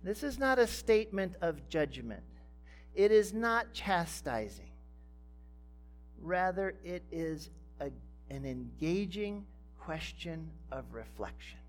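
A man preaching a sermon as pastor, speaking deliberately and building to emphatic, rising phrases. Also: high-pitched, very animated, soft background music.

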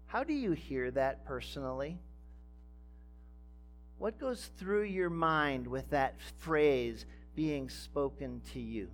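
A male pastor delivering a sermon at an unhurried, measured pace, his voice sitting a little high for a man. He lingers on phrases and lifts them with emphasis as he drives a point home. Soft guitar plays faintly behind him. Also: expressive. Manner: slow and deliberate, with emphatic rising phrases.

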